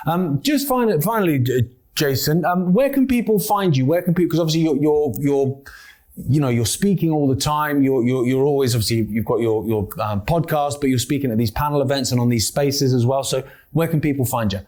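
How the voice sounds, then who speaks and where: A man hosting an interview, chatting casually in a halting way with many restarts and calling his guest "mate". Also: medium pitch, darkish tone. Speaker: show host.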